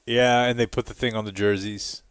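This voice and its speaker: A man co-hosting a podcast, chatting casually and jokingly about sports, quick to laugh. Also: lowish voice, flat delivery, smooth, dry recording, clean studio sound. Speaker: podcast co-host. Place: live stream from a club.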